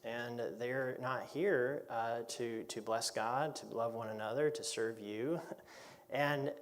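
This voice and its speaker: A man's voice: mid-range voice, steady tone, slow pace, a little hiss or hum. A man who is a pastor, teaching an adult Bible class in a conversational way, asking rhetorical questions and reading scripture aloud. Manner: reads scripture aloud in older English.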